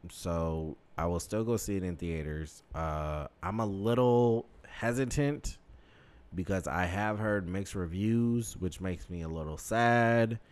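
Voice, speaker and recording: A man's voice: low-pitched, slow pace, a little mellow, smooth. A man chatting casually on a podcast, laid-back and profane, with trailing fillers. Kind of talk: casual chat.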